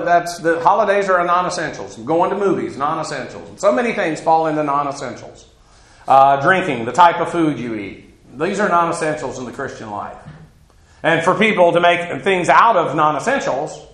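A man's voice: fairly high pitch, a bit bright, reverberant. A man teaching through a Bible passage verse by verse, folksy and digressive, with asides and chuckles.

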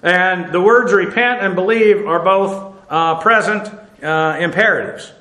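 A man teaching a Bible lesson, explaining slowly with many "uh" fillers and self-corrections. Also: sits high, sharp tone, roomy sound, low-quality recording. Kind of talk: lecture on Greek verb tenses.

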